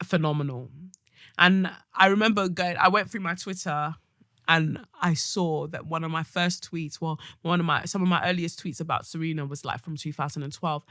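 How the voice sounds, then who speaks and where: A woman hosts her podcast alone. She reads listener mail and gives her own opinions in a blunt, fiery way, with quick jokes thrown in. Her voice is bright and forceful, and it sounds close and dry. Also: sits low, dry recording. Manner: blunt, passionate, comic ranting. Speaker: podcast host. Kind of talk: solo podcast monologue, reading a listener letter.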